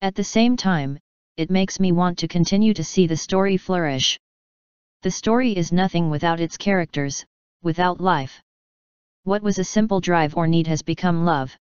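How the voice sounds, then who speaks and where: A calm, earnest female story spirit, reflective and sincere, as a woman reads her out. The voice is low-set and very clear. The recording is dry and a little dull. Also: moderate pace, no echo, close to an everyday voice. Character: sentient female story narrative, calm and wise.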